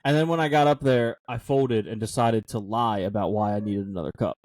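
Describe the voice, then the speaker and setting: A man's voice: lowish voice, fairly quick, darkish tone, dry recording. A young man co-hosting a casual podcast, telling a self-deprecating story and laughing often. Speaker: podcast co-host.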